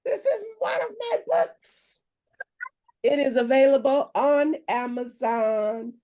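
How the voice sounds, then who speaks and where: A middle-aged woman co-hosting a relaxed faith conversation. She talks quickly and playfully, jumping into high squeaky voices when she quotes herself and others. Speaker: podcast co-host. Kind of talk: casual faith chat.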